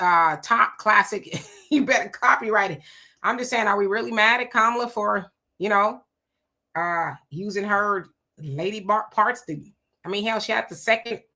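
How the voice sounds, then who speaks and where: A woman's voice: mid-range voice, pushed and bright. A woman hosting a live stream, chatting casually and giving opinions as she reads viewer comments. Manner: chatty, opinionated, laughing asides. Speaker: livestream host.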